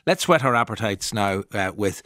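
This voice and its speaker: Low-voiced radio presenter. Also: male voice, expressive, normal speed, sharp tone. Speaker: radio arts show host. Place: radio studio.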